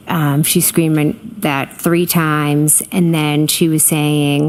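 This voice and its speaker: A middle-aged woman testifying as a witness in court, hesitant and filling pauses with ums, answering briefly. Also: deep voice, flat delivery, a little hiss or hum. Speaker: trial witness.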